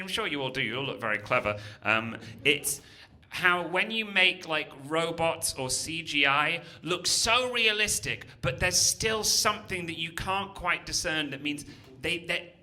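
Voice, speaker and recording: A young British comic working the room, his voice bright and sharp with a lot of swing in the pitch. He chats with the audience and teases them, sometimes dropping into silly mock voices. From Britain. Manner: chatty, teasing, breaks into mock voices. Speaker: comedian. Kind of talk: stand-up crowd work. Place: comedy venue before a live audience.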